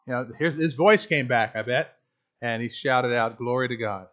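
A man's voice: medium pitch, normal speed, fairly bright tone. A man leading a Bible study class, teaching in a conversational way and asking the group questions. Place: room with a class.

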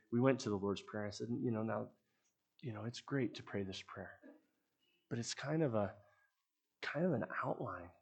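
A middle-aged man preaching with an earnest, storytelling delivery. His low voice is gravelly and a little husky, and his lines often fade off quietly at the end. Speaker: pastor. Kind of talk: sermon.

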